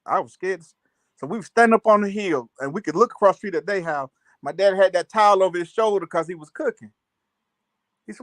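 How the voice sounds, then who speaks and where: A man casually telling childhood stories on a livestream, animated and laughing, full of slang. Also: high voice, fast, dry recording. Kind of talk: casual storytelling chat.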